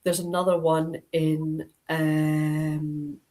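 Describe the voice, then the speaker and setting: A woman's voice: deep voice, level tone, drawn-out words, dark tone, low-quality recording. A middle-aged Scottish woman from Dundee, an author chatting on a video call, rambling with lots of ums and restarts. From Scotland (Dundee). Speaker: crime author, guest. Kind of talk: casual video-call interview.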